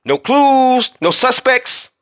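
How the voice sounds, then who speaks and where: A man's voice: very high-pitched, sing-song, slow, fairly bright tone, smooth. A man hosting a commentary vlog, talking heatedly with many rhetorical questions and repeating words for emphasis. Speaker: commentary channel host.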